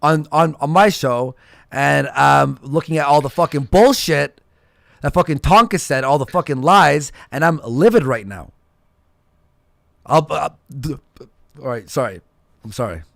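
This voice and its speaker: Furious gravelly streamer ranting. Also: male voice, on the high side, moderate pace, fairly bright tone, no echo, clean studio sound. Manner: swears constantly, ranting. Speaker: livestream host. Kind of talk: angry livestream rant.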